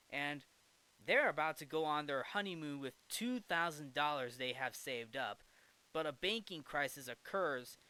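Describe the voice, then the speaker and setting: Movie review host, man, slightly high and crisp, rambling recap with jokey asides. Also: bright, forceful tone. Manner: rambling, restarts and self-corrections. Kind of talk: casual film recap.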